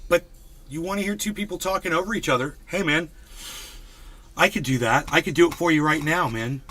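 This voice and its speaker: A man's voice: on the high side, fairly quick, sharp tone. A man live streaming, rambling casually to his chat and swearing freely. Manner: rambling, talks straight to chat.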